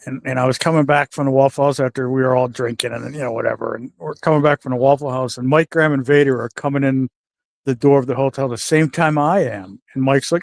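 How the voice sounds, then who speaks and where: An older man telling backstage stories in a casual, animated way, acting out the voices of the people in them. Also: mid-range voice, fast talker, vocal fry, dry recording, studio quality. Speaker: guest wrestler telling stories. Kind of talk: casual storytelling.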